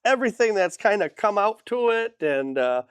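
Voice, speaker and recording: A man whose voice sits high, swings widely in pitch and moves at a moderate pace streams from his small hobby shop, with a clean tone and no echo. Using a camera mic facing a monitor, he rundowns new products casually, full of hype and goofy jokes.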